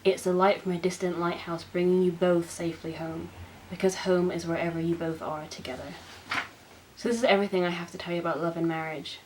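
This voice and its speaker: A young woman hosting a book channel, reading poems aloud in an expressive, self-mocking way. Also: fairly low pitch, a little fast, a little hiss or hum, rough recording. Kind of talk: poetry reading.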